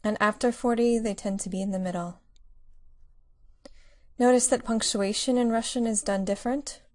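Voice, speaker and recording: A woman teaching a Russian lesson, explaining pronunciation clearly and patiently. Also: on the high side, fairly even intonation, moderate pace, darkish tone. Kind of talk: language lesson.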